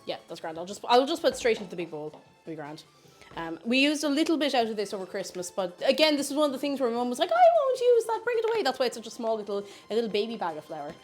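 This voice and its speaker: A bubbly woman chats on her livestream, reading viewers' messages aloud as she bakes. Her voice sits fairly high and swoops up and down with lots of lively inflection. Soft music plays faintly behind her. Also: fast talker. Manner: bubbly, chatty, reads chat aloud. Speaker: streamer. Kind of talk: casual livestream chat while baking.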